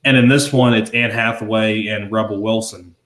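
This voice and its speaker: A man's voice: on the low side, fairly even intonation, normal speed, a bit bright. Rambling man in an echoey room. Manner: rambling, repeats words, swears casually. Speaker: podcast co-host. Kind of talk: casual movie review chat. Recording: roomy echo.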